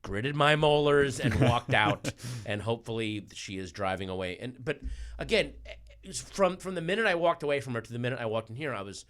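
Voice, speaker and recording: Guy guesting on a comedy podcast, sarcastic rants, pitch bounces around a lot. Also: expressive, brisk, fairly bright tone. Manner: sardonic, riffing, ranting asides. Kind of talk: casual comedy podcast chat.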